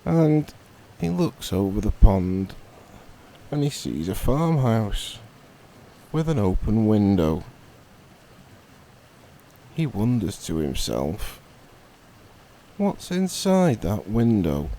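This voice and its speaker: A man with a Northern English accent telling a meditative bedtime story in a relaxed, rambling way, with jokey asides. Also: lowish voice, takes it slowly, long pauses, a little hiss or hum. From Northern England.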